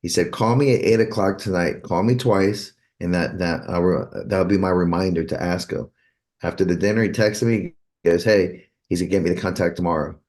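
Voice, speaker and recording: A man's voice: deep voice, fairly quick, a little mellow. A man, a musician's manager, telling a long anecdote in a casual interview and acting out the back-and-forth dialogue. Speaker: guitarist's manager.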